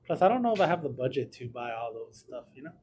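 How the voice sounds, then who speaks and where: A man's voice: mid-range voice, big pitch swings, quick pace, a little mellow, slight background noise. A man teaching a recorded math lesson in a small room, with a chatty, joking manner, speaking straight to his students. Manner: chatty, jokey, talks to students directly.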